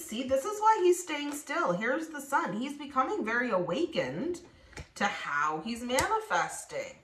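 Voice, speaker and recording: A woman reads tarot for her viewers in a high, bright voice with big pitch swings and a measured pace, talking to them directly. She performs the voices she quotes, in an echoey room with a little hiss or hum.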